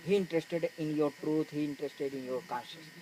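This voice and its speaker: A man's voice: on the high side, fairly even intonation, fast, dark tone, a little hiss or hum, rough recording. A man, not a native English speaker, gives a spiritual talk in broken English, retelling a film story and quoting its characters to meditation students. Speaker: spiritual teacher. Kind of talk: spoken discourse to meditation students.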